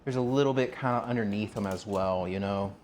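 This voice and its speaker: A man with a lowish, slightly mellow voice talks briskly while livestreaming from his kitchen, with a little noise in the background. He chats with viewers, asks them questions, and rambles casually as he cooks.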